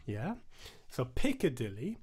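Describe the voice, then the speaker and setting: A man's voice: mid-range voice, wildly swooping pitch, unhurried, a little mellow, slightly rough, soft background music. Upbeat man teaching rhythm on a live stream. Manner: upbeat, chatty, chants rhythm syllables aloud. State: voice starting to rasp. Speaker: bodhrán teacher and channel host. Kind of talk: live-streamed music lesson.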